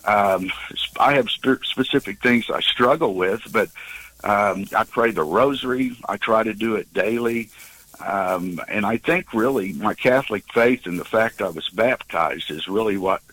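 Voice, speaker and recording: A man in his sixties calling in to a talk show and telling a personal story, halting with many fillers and restarts. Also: lowish voice, fairly bright tone, rough recording. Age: 60s. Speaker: caller.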